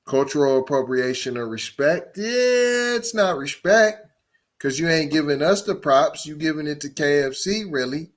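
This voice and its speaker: Man, podcast host, fairly high voice, emphatic, rhetorical questions. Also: lively intonation, moderate pace. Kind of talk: reading an article aloud and commenting.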